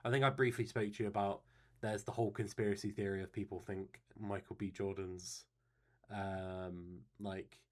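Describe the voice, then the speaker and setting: Low-voiced man, blunt and sweary. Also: level tone, moderate pace, darkish tone. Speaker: podcast co-host. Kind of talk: casual chat.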